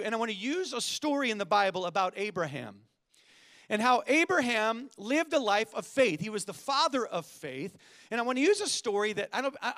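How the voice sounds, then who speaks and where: Energetic, high-voiced male preacher. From California. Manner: energetic, joking, calls for amens. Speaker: guest pastor. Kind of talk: sermon.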